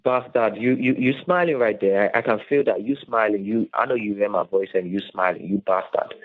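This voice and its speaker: A man calling in, angry and shouting, swearing and accusing the other side of scamming him. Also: fairly low pitch, brisk, no echo. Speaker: caller. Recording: tinny phone line.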